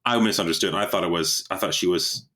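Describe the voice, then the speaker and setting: A man's voice: deep voice, fast, pushed and bright. A man co-hosting a podcast, chatting casually, rambling and tripping over his words, laughing often. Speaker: podcast co-host. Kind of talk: casual chat.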